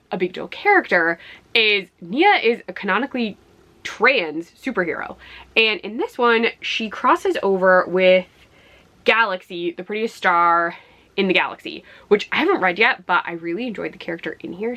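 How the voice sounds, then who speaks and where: A woman's voice: medium pitch, a bit bright. A woman book vlogger chatting casually to camera in her home office, rambling with many fillers. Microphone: camera on a ledge.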